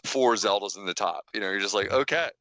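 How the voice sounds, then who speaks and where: A man in his thirties co-hosting a podcast, talking in an animated, teasing way and often restarting his sentences. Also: fairly low pitch, fast talker, dry recording, rough recording. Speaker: podcast co-host. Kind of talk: casual chat.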